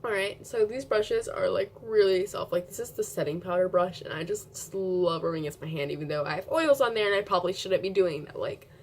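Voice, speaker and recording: A woman's voice: on the low side, fairly quick, few pauses, a little hiss or hum. A young woman vlogging at home into her camera mic, chatty and giggly, rambling with lots of filler words. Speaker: beauty vlogger. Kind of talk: casual rambling vlog.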